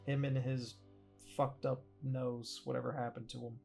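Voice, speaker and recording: A man's voice: mid-range voice, little pitch movement, moderate pace, vocal fry, a little mellow. Man, podcast host, casual chat, swears often, laughs easily, faint background music.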